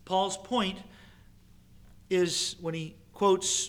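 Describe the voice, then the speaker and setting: Male pastor, higher voice, unhurried emphatic sermon delivery. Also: sharp tone. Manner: measured, emphatic preaching with pauses and repetition.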